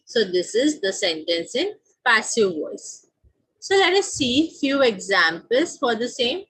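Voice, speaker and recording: A woman's voice: a little high, sing-song, unhurried, a bit bright, breathy edge, rough recording. A woman with an Indian English accent teaching a grammar lesson, repeating each example sentence and asking questions that she answers herself.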